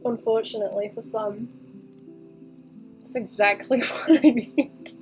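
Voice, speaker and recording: A woman's voice: a little high, fairly even intonation, measured pace, darkish tone, faint music behind. Giggly young woman chatting while drawing. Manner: giggly, swears casually, muttering to herself while working. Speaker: artist streaming a drawing session. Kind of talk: casual livestream chat while drawing.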